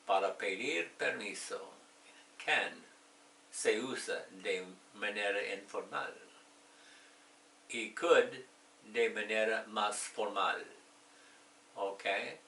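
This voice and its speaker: A man with a gravelly, bright voice teaches English at a slow, patient pace. He explains each phrase in English and again in Spanish, with a playful touch. The sound is echoey and a little distant from the mic. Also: on the low side, a little hiss or hum. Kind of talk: slow bilingual lesson with jokes.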